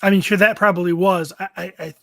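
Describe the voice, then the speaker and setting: A middle-aged man with a high voice for a man chats as a podcast guest, often stopping to restart his thoughts. The recording is dry and close, with no room sound. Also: fairly even intonation, gravelly, no echo. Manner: halting, restarts his thoughts while recalling. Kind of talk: casual chat.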